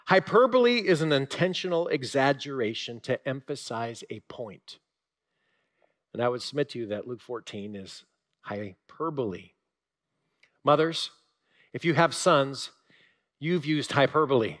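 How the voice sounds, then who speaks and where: A male pastor giving a sermon, telling stories with animated emphasis and sudden drops to a quiet voice. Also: on the high side, normal speed.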